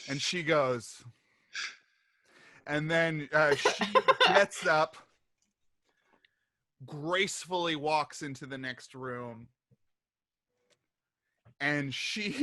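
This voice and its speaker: A man runs a tabletop game, narrating at an unhurried pace with quiet amusement. His voice is bright and slightly high, close and dry with no room sound. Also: no echo. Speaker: game master.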